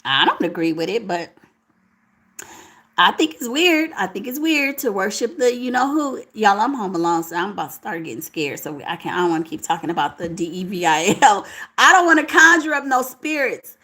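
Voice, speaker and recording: A woman's voice: on the low side, animated, a little fast, fairly bright tone. A young woman hosting a late-night livestream, chatting casually and reading viewer comments, sleepy, with a tired, crackling voice and slangy talk, home alone. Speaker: livestream host.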